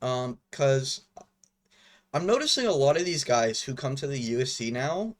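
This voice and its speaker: A man's voice: mid-range voice, expressive, moderate pace. A young man in a casual, rambling fight breakdown, frank and swearing freely, with lots of fillers. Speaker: MMA commentary vlogger.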